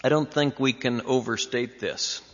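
Slow emphatic preacher in a reverberant hall. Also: male voice. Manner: emphatic, drawn-out phrasing with sudden rises in pitch. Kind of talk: expository sermon. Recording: dull lo-fi recording in a reverberant hall.

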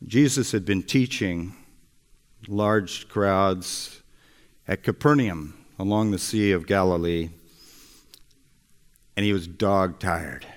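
A man preaching a sermon and retelling a story in a slow, storytelling delivery. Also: sits low. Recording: echoey hall.

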